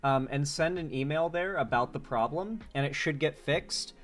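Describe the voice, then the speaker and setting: A man's voice: fairly high pitch, moderate pace, fairly bright tone. A man hosting a casual livestream, reading out chat names one by one and rambling through asides. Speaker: livestream host.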